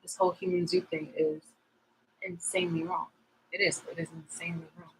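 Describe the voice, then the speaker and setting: A woman's voice: on the low side, flat delivery, brisk, slight background noise, rough recording. A woman vlogger chatting casually to her viewers, rambling and frank, swearing freely.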